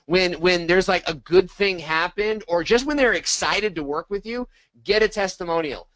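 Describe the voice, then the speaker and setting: A middle-aged man talks through sales tips in a loose, animated way, slipping into little acted-out exchanges. His voice sits high for a man. The sound is dry and close, with no room around it. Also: moderate pace, no room sound, low-quality recording. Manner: animated, acts out sample dialogue. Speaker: co-host of a marketing training. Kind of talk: casual coaching talk.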